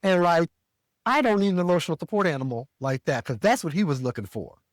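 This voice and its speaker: A man from the American South telling a story as a podcast co-host, animated and profane, jumping higher when he quotes himself. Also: fast, no echo, studio quality. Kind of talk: casual storytelling rant.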